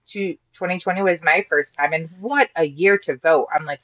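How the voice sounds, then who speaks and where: A woman from Ohio speaks as a podcast guest in an earnest, rambling way, restarting her sentences often. Her voice sits fairly low. The audio is dry and muffled, with a lo-fi edge. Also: moderate pace, a bit bright, dry recording. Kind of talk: casual interview chat.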